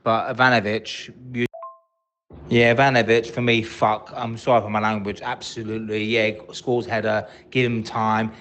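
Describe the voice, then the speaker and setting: An angry man leaving a ranting voice message as a football fan, swearing and shouting in bursts. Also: on the low side, level tone, normal speed. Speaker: fan caller.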